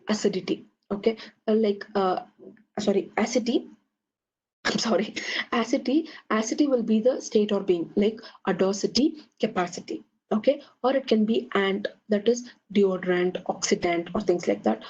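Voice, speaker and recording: A woman's voice: mid-range voice, dark tone, slightly rough, lo-fi sound. A woman teacher giving an online exam-prep lecture, running through lists of examples and checking in with a frequent "okay".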